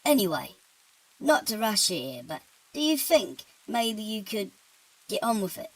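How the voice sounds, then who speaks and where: A woman's voice: mid-range voice, very animated, a little slow, slightly rough, poor audio. A woman voicing a weary, easygoing male demon with a British accent who talks about his job in a casual, offhand way. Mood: laid-back. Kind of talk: horror-comedy story narration.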